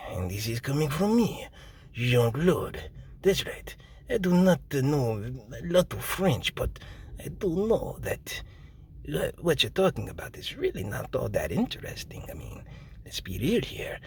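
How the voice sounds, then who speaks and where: A man putting on a low, breathy, half-whispered faux-French voice, smug and rambling. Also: big pitch swings, measured pace, bright, forceful tone, a little hiss or hum, exaggerated voice. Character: hushed pseudo-French crooner Jean-Claude, smug.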